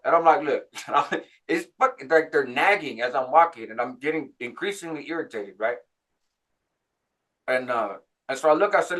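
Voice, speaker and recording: A man in his forties casually telling a story about his past, jumping higher in pitch when he acts out what others said. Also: moderate pace. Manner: animated, jumps higher when quoting others; laughs between phrases, frequent "right?". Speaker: channel host recounting prison life.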